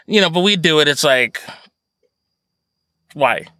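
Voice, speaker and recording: A man co-hosting a podcast in casual chat, animated and laughing, swearing freely. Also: on the high side, normal speed, long pauses, no echo, studio quality. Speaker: podcast co-host.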